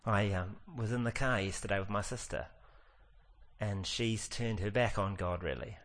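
A middle-aged male pastor preaching, his voice sitting fairly low. He talks earnestly and drags out the words he wants to land. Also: fairly bright tone. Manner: earnest, slows down to stress key lines. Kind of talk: sermon.

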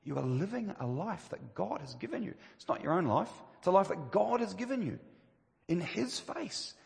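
A man's voice: high voice, very animated, normal speed, gravelly, a little mellow. A man preaching a sermon, emphatic and full of rhetorical questions. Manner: emphatic, rhetorical questions, rising to stress key phrases. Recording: long reverb of a church hall.

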